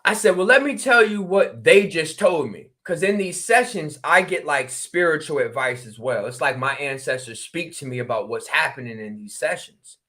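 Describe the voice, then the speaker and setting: A man from New Haven, Connecticut, who works as a spiritual regression practitioner, tells a story in a relaxed, chatty way. He animatedly performs both sides of the dialogue with quick exclamations, his high voice sounding bright and forceful.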